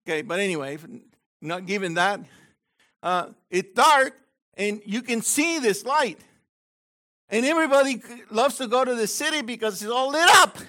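A man with a high, animated voice preaches a sermon in a chatty, teacherly way. His tone is bright and forceful, rising for emphasis and dropping to a low aside for quotes. He keeps checking in with his listeners. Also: moderate pace. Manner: conversational preaching, asks the crowd "okay?". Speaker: messianic teacher.

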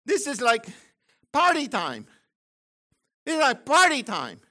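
High, lively older man preaching excitedly. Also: unhurried, pauses often. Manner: exclamatory, animated, bursts of shouting. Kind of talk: excited Bible teaching.

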